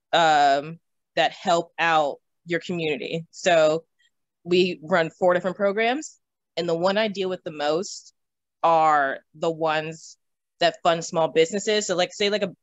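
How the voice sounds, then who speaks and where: A young woman telling stories from her own life in an interview. She is animated, laughs often and swears casually. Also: fairly low pitch, no echo. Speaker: interview guest. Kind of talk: casual storytelling. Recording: slightly dull, dry recording.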